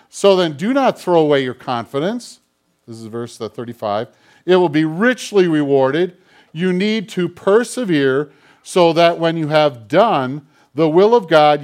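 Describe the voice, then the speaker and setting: A man preaching a sermon as a pastor, with an expressive delivery that swings from loud emphasis down to quiet, low prayer. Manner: acts out quoted voices in the middle of teaching.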